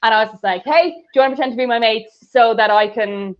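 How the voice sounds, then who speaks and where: Irish woman, comedy podcast co-host, chatty storyteller, dull lo-fi recording. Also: fairly high pitch. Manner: storytelling, quick, laughs often. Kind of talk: casual comedy chat. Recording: dull lo-fi sound.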